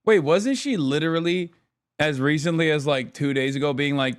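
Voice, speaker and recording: Male streamer, slightly higher voice, rapid, rambling casual commentary. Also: smooth. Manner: rapid, rambling, profane, with frequent uh fillers.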